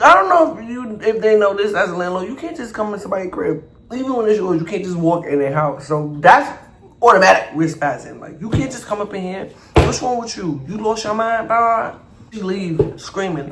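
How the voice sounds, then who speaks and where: A man vlogger telling a storytime over an eating show, animated and acting out the people in his story. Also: sits high, a little fast. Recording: echoey room, faint background noise.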